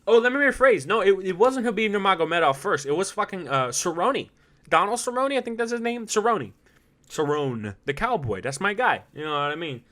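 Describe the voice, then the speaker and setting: Excitable young-sounding podcast guy, bright voice. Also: fairly quick. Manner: animated, swears a lot, laughs often; swings between loud outbursts and low asides. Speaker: podcast host. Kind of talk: solo podcast monologue.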